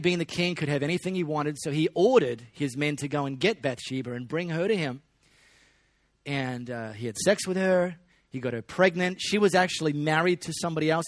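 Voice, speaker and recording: A man preaching a sermon in a relaxed, conversational way, with joking asides to the congregation. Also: a little high, no room sound, clean studio sound. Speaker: pastor.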